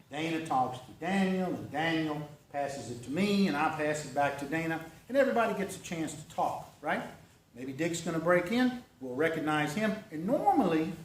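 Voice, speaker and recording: A man's voice: sits high, a little hiss or hum. A man giving a folksy, conversational talk at a club meeting, often checking in with "okay?" and "right?". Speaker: club presenter. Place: meeting room. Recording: echoey room recorded from far off.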